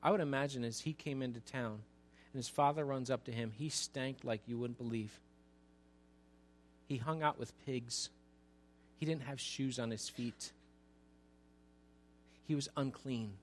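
A pastor preaching a sermon in a conversational way, with asides to the congregation, and building to an emphatic, raised delivery. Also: male voice, medium pitch, measured pace, pauses often, slight background noise.

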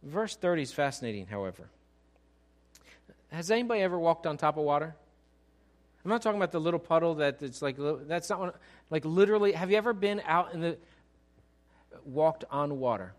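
A man preaching a sermon to his church, acting out scenes and swinging between loud, excited passages and hushed, quiet ones. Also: on the high side, a little fast, pauses often. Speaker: pastor.

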